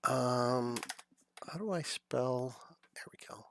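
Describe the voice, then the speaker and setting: A man running a tabletop game as dungeon master, narrating in an unhurried, relaxed way. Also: mid-range voice, gravelly, slight background noise.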